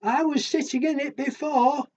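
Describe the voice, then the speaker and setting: A man voicing a small, stubborn picture-book animal in a high, childish, insistent voice. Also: steady tone, moderate pace, darkish tone, highs cut off.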